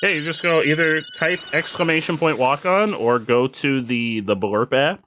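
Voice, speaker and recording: A man's voice: on the high side, normal speed, a bit bright, slight background noise. A man streaming a game, chatting casually and explaining things to viewers, often repeating himself. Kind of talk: casual live-stream chat while gaming.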